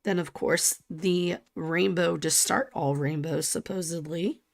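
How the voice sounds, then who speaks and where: Slow, gravelly woman co-hosting a stream. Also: on the low side, dry recording, clean studio sound. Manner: slow, drifting into soft near-whispers. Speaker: livestream co-host. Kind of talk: casual livestream chat.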